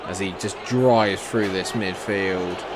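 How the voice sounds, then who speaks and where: A man giving live commentary over his own football video game, swinging between frustrated grumbling and excited shouts. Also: deep voice, slow, background noise. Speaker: gaming YouTuber.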